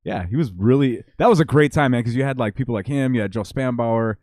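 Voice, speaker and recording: A man's voice: mid-range voice, fast, a little mellow, no echo. Male guest, easygoing rambler, swears casually, dry mic. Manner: laid-back, profane, rambling. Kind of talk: casual live-stream banter.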